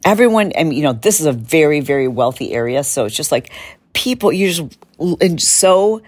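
Brief: middle-aged woman host, low voice, chatty and self-mocking. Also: lively intonation, fairly quick, darkish tone, slightly rough, no echo. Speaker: podcast host. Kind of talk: casual chat.

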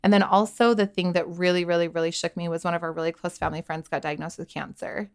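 A woman's voice: lowish voice, little pitch movement, fast, clean tone. A woman in her thirties, a podcast guest, candidly telling a personal story in a chatty way, often quoting her own thoughts. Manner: candid, chatty, full of "like" and quoted inner thoughts.

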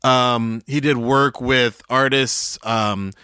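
A man from Atlanta talks through a favorite song with eager, musing enthusiasm. His voice is bright and forward, and the recording is dry and close with no room sound. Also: mid-range voice, steady tone, slow, smooth, no echo. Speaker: podcast co-host. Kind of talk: casual music-discussion chat.

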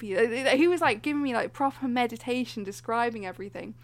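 A woman's voice: a little high, animated, quick pace, few pauses. A young woman telling a story in casual chat, acting out other people's lines with lots of laughter.

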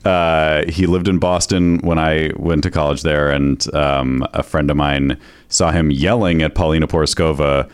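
A man's voice: extremely low pitch, steady tone, normal speed, smooth. A man co-hosting a casual podcast chat, joking and laughing often. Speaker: podcast co-host.

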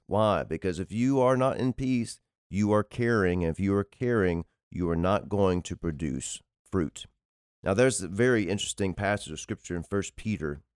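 A man's voice: lowish voice, a little mellow, no room sound, studio quality. A man preaching on a podcast in an emphatic, repetitive cadence, reading and expounding scripture. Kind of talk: sermon-style podcast teaching.

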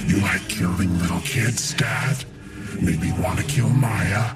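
A man voicing a cruel, taunting demon with a deep, warped, hoarse and hissing voice. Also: slow pace. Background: loud music.

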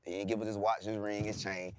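Low-voiced man giving straight talk. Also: little pitch movement, fast talker, a little mellow, slight background noise. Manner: plain-spoken, preachy straight talk. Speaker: comedian guest. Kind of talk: casual panel chat.

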